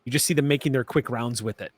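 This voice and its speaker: A man narrating a tabletop game as game master, relaxed and chatty with many fillers. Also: medium pitch, fast, husky, no echo.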